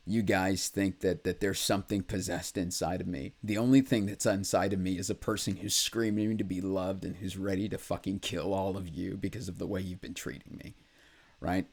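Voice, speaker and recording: Low-voiced man, halting confessional monologue. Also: level tone, a little mellow. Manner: halting, with many pauses and fillers; candid and blunt, with swearing. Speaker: vlog host.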